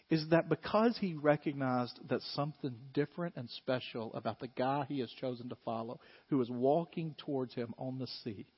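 A man, preaching a sermon in an animated way and acting out scenes. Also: medium pitch, husky. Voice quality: animated, acts out scenes with shouts. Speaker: pastor. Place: church hall. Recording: muffled sound in a long-reverb hall.

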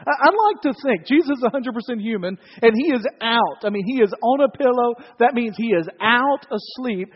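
A pastor with a high voice preaches in a conversational, joking way. His voice carries a long echo through a large hall, and the sound is slightly dull. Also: lively intonation, fairly quick, hardly any pauses, slightly rough. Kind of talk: sermon.

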